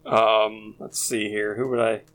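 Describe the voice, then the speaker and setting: A man's voice: lowish voice, flat delivery, unhurried, a bit bright. A man co-hosting a podcast, speaking hesitantly in casual chat. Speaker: podcast co-host.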